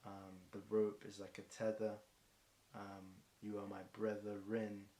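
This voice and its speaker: This British man's lowish, dark voice stays completely flat and unhurried as he freestyles at length. He rambles off the cuff, dropping frequent ums. Faint hiss and echo fill the room.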